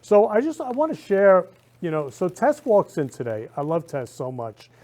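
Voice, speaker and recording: Man, talk show host, gushing, rambling, slightly high voice. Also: wildly swooping pitch, moderate pace, mellow. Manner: effusive, repeats "love" and "I love you" constantly; rambling with frequent restarts. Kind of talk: casual heartfelt talk show chat.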